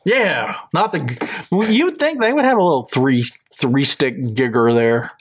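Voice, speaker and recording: A man's voice: medium pitch, lively intonation, moderate pace, slightly rough. A man co-hosting a casual comedy podcast, joking and reading reviews aloud. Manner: joking, reads reviews aloud with mock voices. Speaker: podcast co-host.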